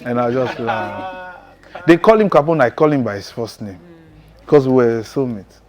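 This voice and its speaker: A man's voice: mid-range voice, lively intonation, normal speed. Male preacher, testimony sermon, intense and emphatic, chuckles often.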